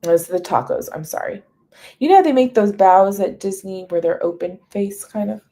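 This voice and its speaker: A woman's voice: mid-range voice, brisk, mellow. A woman hosting a casual livestream, chatting with viewers, greeting them by name and reading long menu lists aloud. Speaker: livestream host. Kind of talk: casual live chat with viewers.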